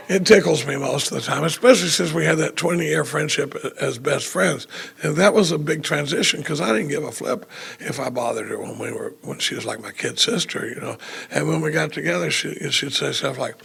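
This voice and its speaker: A man's voice: a little high, brisk, a bit bright. A man speaking at a recovery retreat, telling a self-mocking story to a live audience with many restarts. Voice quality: gravelly, raspy. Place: retreat meeting room with audience.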